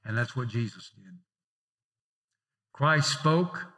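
Husky preacher delivering a sermon. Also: male voice, medium pitch, animated, slow. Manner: conversational preaching with personal anecdotes; rising emphatic openings then dropping softer. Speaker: pastor.

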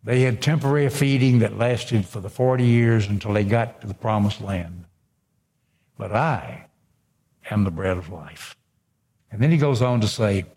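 A man's voice: mid-range voice, a little mellow. A man preaching a sermon, reading scripture aloud and breaking in with emphatic asides. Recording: long hall reverb.

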